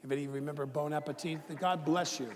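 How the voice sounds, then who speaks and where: A man in his fifties, a guest author telling rambling, animated stories with many fillers and restarts in a live onstage conversation. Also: fairly high pitch, rapid-fire. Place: large event hall with a live audience. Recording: long reverb of a large hall, faint noise.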